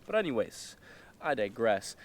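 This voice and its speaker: A man's voice: medium pitch, very animated, normal speed, a little hiss or hum. A young man telling a story in a casual, profane way, with lots of fillers and acted-out quotes. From United States. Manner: loose and profane, full of fillers, acts out quotes. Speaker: vlogger.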